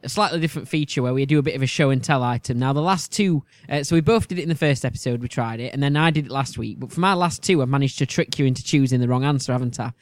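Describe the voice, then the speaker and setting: A man's voice: medium pitch, racing, few pauses, no echo, studio quality. A man hosting a casual podcast over beer, chatty and teasing, laughing often. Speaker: podcast host. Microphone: webcam and mic on a video call.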